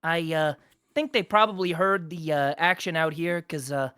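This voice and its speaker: A man's voice: on the high side, steady tone, normal speed, sharp tone, a little hiss or hum. A young man narrating as game master, rambling with many fillers and restarts.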